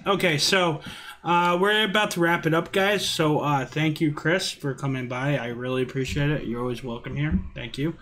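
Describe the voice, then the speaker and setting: A man's voice: a little high, moderate pace, fairly bright tone, a little hiss or hum. A man hosting a casual live stream, laid-back and reassuring as he chats with his guest.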